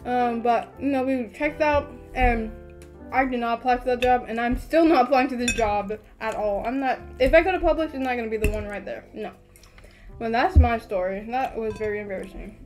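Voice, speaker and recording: High-voiced young woman telling a story. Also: a little fast, soft background music. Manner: animated storytelling, lots of "like". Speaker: podcast co-host. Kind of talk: casual storytelling chat.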